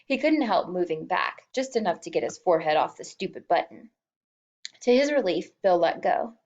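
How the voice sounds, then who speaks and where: A woman's voice: fairly low pitch, animated, moderate pace, a little mellow, lo-fi sound. A woman reading a novel aloud as an audiobook, emotive and lightly voicing the characters. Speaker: audiobook reader.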